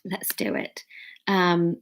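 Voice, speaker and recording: A woman's voice: fairly low pitch, little pitch movement, slow pace. A woman reading a story chapter aloud, breaking off for giggly, self-mocking asides.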